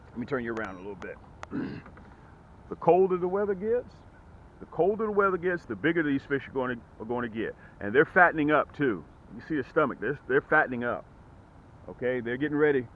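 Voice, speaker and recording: A man hosting a casual fishing vlog from a boat. He talks in a folksy way and whoops with excitement when fish bite. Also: mid-range voice. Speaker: fishing channel host. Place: outdoors on a boat. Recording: phone-like lo-fi audio with faint noise.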